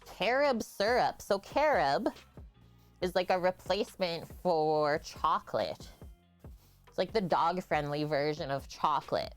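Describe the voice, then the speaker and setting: A woman with a somewhat low voice talks her way through a recipe on a live cooking stream. She chats casually and explains each step as she works in her home kitchen, with faint music playing underneath. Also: expressive, a little slow.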